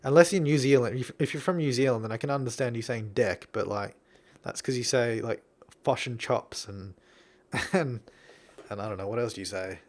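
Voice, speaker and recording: A man's voice: medium pitch, a little fast, a little mellow. A young man giving casual, rambling gameplay commentary over a house-building video, drifting into tangents. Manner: rambling, chatty, goes off on tangents. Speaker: YouTuber.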